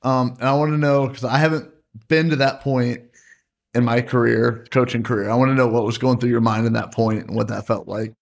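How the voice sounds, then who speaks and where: A man's voice: medium pitch, fairly even intonation, fairly quick, creaky. A man, a coach, asking questions earnestly in a casual podcast chat.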